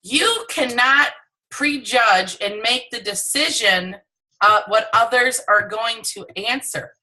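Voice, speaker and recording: A middle-aged woman giving a motivational sales training talk, animated and acting out conversations, recorded on a phone. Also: takes it slowly, low-quality recording. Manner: animated, acts out dialogue with high excited voices. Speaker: direct sales team leader.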